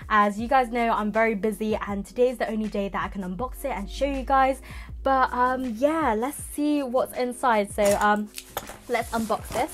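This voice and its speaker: A young woman, unboxing a parcel in a casual vlog, giddy and excitable with exaggerated reactions. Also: fairly high pitch. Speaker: manga vlogger.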